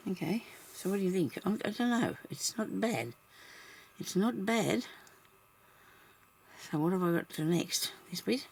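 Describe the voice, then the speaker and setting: Gravelly-voiced woman crafting and musing aloud. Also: medium pitch, lively intonation, a little slow, slight background noise. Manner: chatty, muses to herself, laughs often. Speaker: crafting vlogger. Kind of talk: casual crafting chat, thinking aloud.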